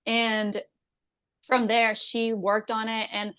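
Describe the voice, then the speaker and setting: Loud, giggly woman telling candid stories. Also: on the high side, little pitch movement, slow, clear, resonant tone. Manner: loud and giggly, laughs often; blunt, casual swearing. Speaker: dental hygienist guest. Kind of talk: candid storytelling in a podcast interview.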